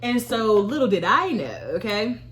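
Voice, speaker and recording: An animated woman in her thirties tells a personal story straight to camera. She sits a little above the usual pitch for a woman and keeps her delivery expressive, acting out her own reactions as she goes. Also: normal speed. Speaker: YouTuber and Army veteran. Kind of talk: storytime vlog.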